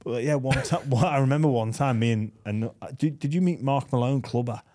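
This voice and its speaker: A man hosting a podcast, chatting casually with a guest and telling quick, lively stories. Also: mid-range voice. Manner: chatty, quick, laughing storyteller. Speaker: podcast host. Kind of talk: casual interview chat.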